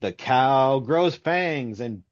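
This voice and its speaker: A man's voice: medium pitch, animated, extremely slow, dry recording, dull audio. A man co-hosting a comic book podcast, joking and giggling as he retells scenes. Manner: joking, giggly, drawls folksy voices when retelling. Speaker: podcast co-host. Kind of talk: casual comic book review chat.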